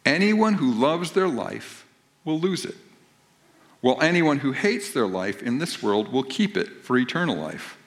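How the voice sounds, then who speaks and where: Man, pastor, sermon, scripture reading, emphatic, lively intonation. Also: medium pitch, a little slow. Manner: reads scripture aloud and then explains it conversationally.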